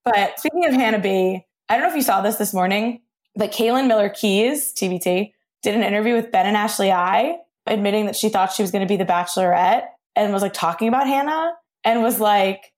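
A woman hosting a podcast in easygoing chat, her voice sitting at an ordinary middle pitch. She rambles, hedges and fills her sentences with "like" as she works through her thoughts. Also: brisk. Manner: rambling, hedging, heavy use of "like". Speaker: podcast host. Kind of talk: casual chat.

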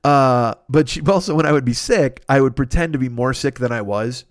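Fast-talking, profane comedic man. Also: medium pitch, no echo, studio quality. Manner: profane, ranting, self-mocking. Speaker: podcast host. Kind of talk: comedic storytelling monologue.

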